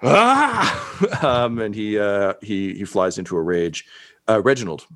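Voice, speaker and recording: A man's voice: lowish voice, moderate pace. A man narrating as game master of a tabletop game, casual and profane, laughing often with many fillers.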